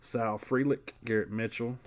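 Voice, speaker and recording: A man's voice: medium pitch, fairly even intonation, normal speed, highs cut off. A man hosting a live sports card break, calling out player names in a casual, chatty way.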